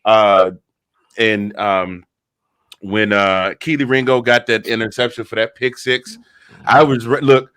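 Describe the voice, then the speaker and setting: A man's voice: fairly low pitch, a little slow, clear, resonant tone, dry recording. Fifties guy gushing on a podcast, acts out quotes, running on no sleep, dry sound. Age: 50s. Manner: animated storyteller who acts out quotes. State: short on sleep. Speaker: podcast guest. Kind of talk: excited casual chat.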